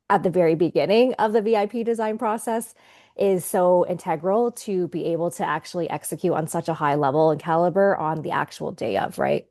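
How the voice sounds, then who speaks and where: A woman's voice: lowish voice, mellow. A woman brand designer talking as a podcast guest, reflective and chatty, with frequent "like" fillers. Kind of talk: casual podcast interview.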